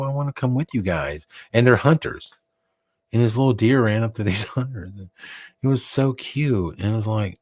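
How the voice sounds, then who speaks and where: A man with a Texan accent co-hosting a live show in casual chat, rambling and halting with many restarts. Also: fairly low pitch, a little mellow, dry recording.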